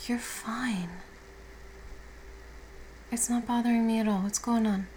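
A woman playing a caring girlfriend who has just woken up, speaking softly and reassuringly with casual swearing in an audio role-play. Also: a little high, fairly even intonation, measured pace, a little hiss or hum, lightly acted, low-quality recording. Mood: tender. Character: affectionate young woman, the listener's caring girlfriend.

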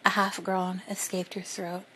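A woman reading a first-person story in a soft, breathy, unhurried whisper. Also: on the low side, monotone. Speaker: narrator.

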